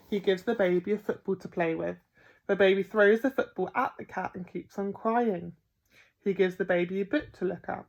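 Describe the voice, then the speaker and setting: A woman reading a picture book aloud to children as a primary school teacher, expressive and playful. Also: medium pitch, creaky. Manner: expressive, with gasps and playful emphasis.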